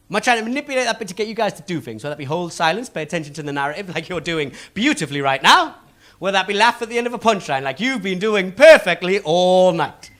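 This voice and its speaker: Animated young comedian. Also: male voice, high-pitched. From Newcastle upon Tyne, England. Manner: animated, self-mocking storytelling. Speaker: stand-up comedian. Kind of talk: stand-up routine.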